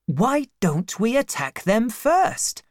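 A man reading an audiobook and voicing an excitable young male servant who is eager to fight, speaking in an excited, blunt way. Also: sits high, slow, dry recording, pitched above the performer's own voice, heavily acted.

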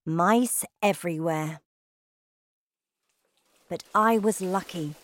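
A woman reading a children's storybook aloud as narrator, with a slow, expressive delivery. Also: on the low side, dry recording, studio quality. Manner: slow, lively intonation.

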